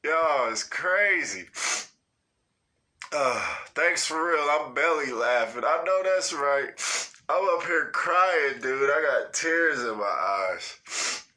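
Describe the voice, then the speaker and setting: A man hosting a casual livestream, reading viewer comments aloud in an unhurried, slangy way. His voice sits a bit high and has a very bright, sharp edge. He swears freely and keeps breaking into laughter. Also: animated. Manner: laid-back, slangy and profane, cracking up often.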